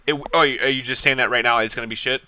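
A man co-hosting a podcast in casual chat, excitable and profane, laughing often and tripping over his words. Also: medium pitch, quick pace, a loud crowd, poor audio. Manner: excitable, profane, laughs a lot, stammers restarts. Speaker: podcast co-host.

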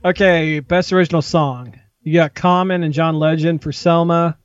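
A man's voice: on the high side, fairly even intonation, no echo, highs cut off. A man co-hosting a casual movie podcast, giving opinionated, profane awards predictions. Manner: opinionated, rapid, swears freely.

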